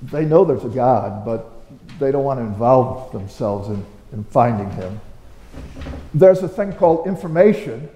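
A man's voice: medium pitch, animated, a little slow, mellow. Male pastor preaching in a reverberant hall. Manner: conversational, with rhetorical questions and sudden emphatic bursts. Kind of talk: storytelling sermon. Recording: roomy with long hall reverb.

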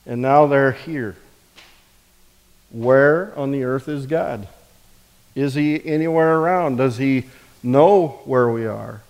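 A man's voice: mid-range voice, takes it slowly, long pauses, a little mellow. A man preaching a sermon in a conversational way, with many rhetorical questions. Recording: reverberant hall.

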